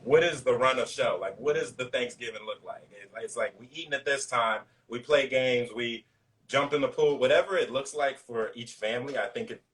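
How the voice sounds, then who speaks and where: A man talking casually as a guest cook in a video-call interview, relaxed and loose, with lots of fillers. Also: medium pitch, normal speed, distant mic.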